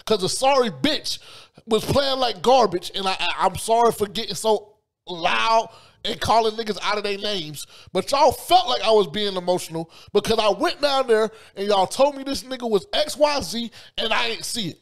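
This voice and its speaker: A man co-hosting a sports podcast, arguing loudly and profanely, talking over the others in a heated casual debate. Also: high voice, moderate pace. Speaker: podcast co-host.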